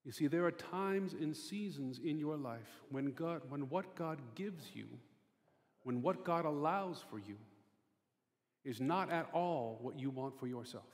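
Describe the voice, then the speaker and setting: A man's voice: a little high, expressive, unhurried. A male pastor preaching a sermon with an emphatic, repetitive cadence. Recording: long reverb of a large hall.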